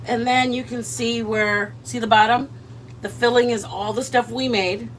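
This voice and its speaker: A high-pitched woman chats with her viewers in a home kitchen. She is loud, teasing and quick to laugh. Faint background noise sits under the voice. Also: rough recording. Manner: lively, loud, playful, laughing. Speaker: cooking vlog host. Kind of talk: casual cooking chat with viewers.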